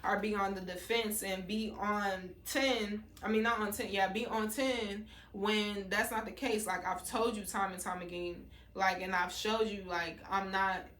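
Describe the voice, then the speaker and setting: A heated woman vents in a casual, profane storytime vlog, repeating herself emphatically and calling her viewers "y'all." Her mid-range, fairly bright voice is a little slow and fairly even in intonation, with hardly any pauses, and the sound is roomy.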